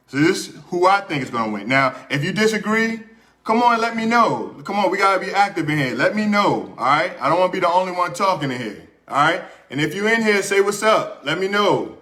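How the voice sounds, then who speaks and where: A man's voice: high-pitched, sharp tone. A young man hosting his show in a small room, telling a casual story and then going over his sports picks, chatty and repeating himself as he talks to viewers. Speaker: podcast host. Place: small room under hot studio lights.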